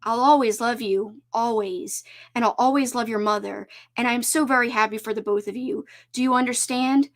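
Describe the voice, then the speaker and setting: A woman reading aloud the lines of a loving, gentle father, in a warm and reassuring fatherly manner. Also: extremely high pitch, fairly even intonation, moderate pace. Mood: tender. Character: loving, gentle late father at his porch.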